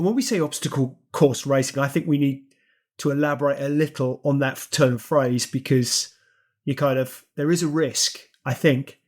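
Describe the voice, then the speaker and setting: A man hosting an interview, asking long, searching questions full of restarts and asides. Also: a little high. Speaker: podcast host. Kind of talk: interviewing a guest.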